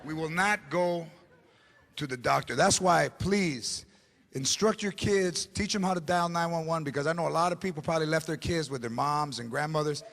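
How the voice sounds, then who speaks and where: A man's voice: fairly high pitch, brisk, gravelly, fairly bright tone. A man doing a stand-up comedy set, telling stories animatedly and switching into Spanish phrases. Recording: live club, crowd laughter and noise.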